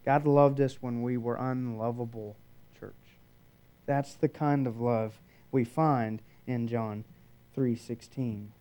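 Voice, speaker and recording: Emphatic preaching man, mellow voice. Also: fairly even intonation, takes it slowly. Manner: emphatic preaching, swinging between raised declarations and hushed low passages. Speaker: pastor. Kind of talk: sermon.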